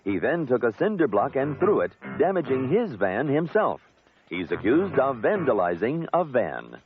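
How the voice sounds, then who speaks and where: A male announcer with a wildly swooping delivery reads the show's scripted opening. Music plays clearly behind him, and the audio is narrow and tinny. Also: medium pitch, sing-song, normal speed.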